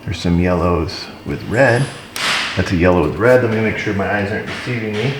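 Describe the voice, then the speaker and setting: A man's voice: low voice, fairly quick, noisy background. A man working as an auto repair technician, narrating casually while he diagnoses a truck and tossing dry, joking asides to viewers. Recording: roomy shop echo.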